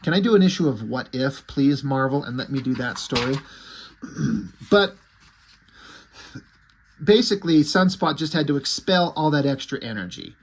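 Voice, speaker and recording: Husky-voiced man recapping a comic. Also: mid-range voice, lively intonation, normal speed, pauses often. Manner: irreverent and profane, acts out character lines. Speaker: comic book reviewer.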